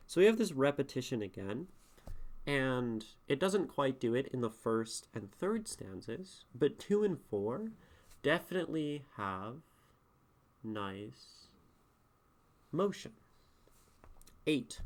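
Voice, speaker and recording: Relaxed male streamer critiquing poems. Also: medium pitch, slow pace, long pauses. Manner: relaxed, thinking aloud, reads lines and breaks them down. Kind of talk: live-stream poetry critique.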